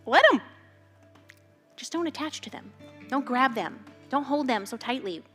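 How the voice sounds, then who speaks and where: A woman pastor preaching a sermon in a chatty, animated way, laughing between phrases. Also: high-pitched, unhurried, slightly rough. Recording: faint music in the background.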